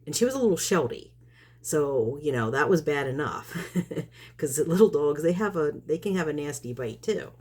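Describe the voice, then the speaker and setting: A woman talks to her camera in a loose, rambling way, chuckling as she goes. Her voice sits low and has a husky edge to it. She sounds like she has just come in from outside after feeding the cats. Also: expressive, normal speed, darkish tone. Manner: chatty, rambling, laughs often. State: just back in from outdoors. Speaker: vlogger feeding neighborhood cats. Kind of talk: casual chat to camera.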